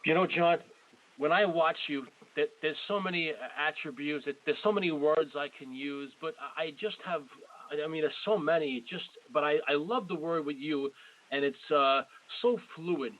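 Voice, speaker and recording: A man's voice: a little high, moderate pace, a bit bright, lo-fi sound. A man in his forties hosting an interview, effusive and rambling, often repeating himself. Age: 40s. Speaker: podcast host. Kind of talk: casual interview.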